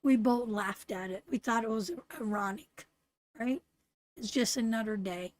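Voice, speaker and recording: A middle-aged woman from Canada hosting a live tarot show, her voice sitting high. She talks bluntly and curses freely while giving viewers a pep talk. The sound is dry and close, with no room echo. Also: measured pace, darkish tone. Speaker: tarot reader and host. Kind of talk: live-stream tarot reading and chat.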